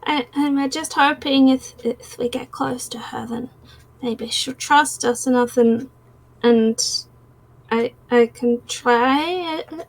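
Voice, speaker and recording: A woman's voice: high voice, takes it slowly, poor audio. A woman voicing Pike, an earnest young adventurer who speaks hesitantly in a tabletop game. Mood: worried. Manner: hesitant, soft-spoken.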